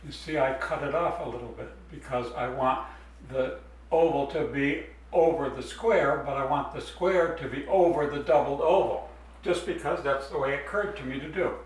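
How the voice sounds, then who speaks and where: A man's voice: mid-range voice, normal speed, very echoey, recorded from a distance, poor audio. A man explaining step by step as he draws a design in a drawing demonstration. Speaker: art teacher.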